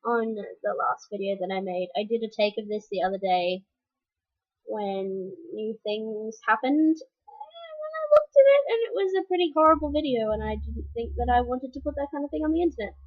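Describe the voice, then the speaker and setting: A woman's voice: a little high, very animated, normal speed, muffled recording. A young woman talking frankly to the camera in a personal vlog update, with fillers and restarts. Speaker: vlogger.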